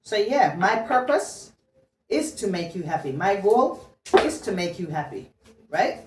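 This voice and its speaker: With big swings in pitch around a medium level and an unhurried pace, a woman does a laid-back tarot love reading. She talks frankly and chattily, slangy, swearing and laughing. The recording has roomy sound, faint noise, and a mic set far away.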